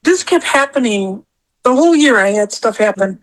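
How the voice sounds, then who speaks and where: A middle-aged woman telling her own story as a podcast guest, acting out what she said in a high, animated voice. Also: normal speed, rough recording. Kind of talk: casual storytelling interview.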